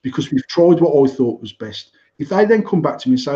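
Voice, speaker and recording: A man's voice: a little high, sing-song, fairly quick, few pauses, mellow, muffled recording. A man in his forties from England, a company director co-hosting a podcast, talking bluntly with lots of swearing and restarts. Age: 40s. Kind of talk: casual chat.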